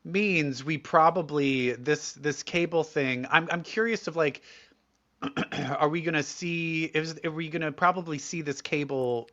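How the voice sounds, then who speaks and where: A man's voice: a little high, unhurried, bright, forceful tone. A man co-hosting a podcast, chatting in a hesitant, musing way. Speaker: podcast co-host. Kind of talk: casual podcast chat. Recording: dull lo-fi mic sound.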